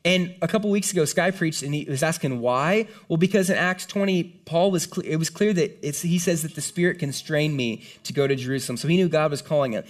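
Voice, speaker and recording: A man preaches to a congregation in a fairly high voice. He talks in an earnest, conversational way, breaking into quick asides and acting out the lines he quotes. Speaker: pastor. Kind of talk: sermon. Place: church hall before a congregation.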